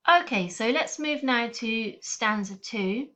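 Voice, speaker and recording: A woman teacher giving a recorded poetry lesson over slides, explaining in a clear, steady, patient way. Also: fairly high pitch, slow pace. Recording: slightly dull lo-fi audio.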